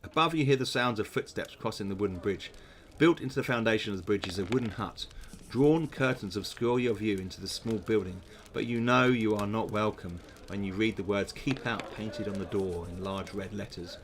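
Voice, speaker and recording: A man's voice: fairly low pitch, brisk, a little hiss or hum. Chatty man reading a gamebook. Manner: chatty, musing asides. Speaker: host playing a gamebook. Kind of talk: reading aloud and commenting.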